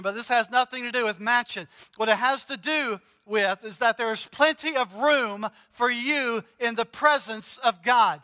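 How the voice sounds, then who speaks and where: A man preaching a conversational sermon, animated and joking as he speaks straight to the congregation. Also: extremely high pitch, clean tone, in a large hall. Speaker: pastor.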